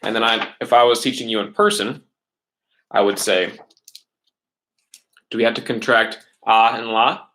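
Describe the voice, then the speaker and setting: A man's voice: fairly low pitch, steady tone, moderate pace, long pauses, bright, forceful tone. A man teaching a Spanish class over a webcast, in a casual, chatty way, often checking in with his students. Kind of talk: remote classroom lesson.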